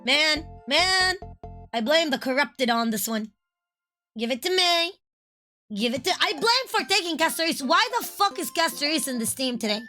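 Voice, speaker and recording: A woman streamer chatting casually over gameplay, excitable and profane, laughing often. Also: high voice, moderate pace, soft background music. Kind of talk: casual gaming stream chat.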